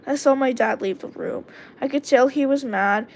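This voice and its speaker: A woman's voice: high voice, normal speed. A woman streamer reading her own first-person story aloud, talking casually and breaking off for asides to her viewers. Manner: casual, with self-corrections and asides to chat.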